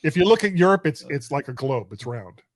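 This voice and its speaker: A man's voice: on the high side, sing-song, fairly quick, a loud crowd. A middle-aged man hosting a casual podcast chat, joking, laughing often and stumbling over his words. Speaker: podcast host.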